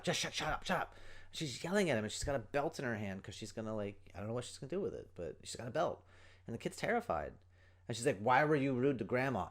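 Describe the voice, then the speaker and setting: Middle aged guy on his parenting podcast, lowish voice, earnest, keeps acting out little quotes. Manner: earnest, explanatory, acts out quoted lines. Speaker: podcast host, parenting coach. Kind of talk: solo podcast talk.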